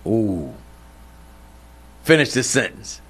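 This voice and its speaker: A male radio talk show host delivering a monologue, animated and incredulous, firing off rhetorical questions. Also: lowish voice, takes it slowly, slightly rough.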